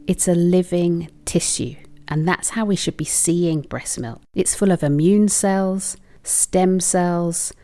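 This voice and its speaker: A woman working as a lactation consultant, talking on a podcast in a heartfelt, emotional way and sometimes dropping to a soft whisper. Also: low voice. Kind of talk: podcast conversation.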